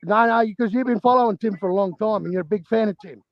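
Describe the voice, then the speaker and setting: Gravelly high-voiced Australian man. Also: fast talker, no room sound. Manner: blunt, profane, insistent. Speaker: panel guest, boxing fan. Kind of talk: heated casual debate. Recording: muffled lo-fi call audio.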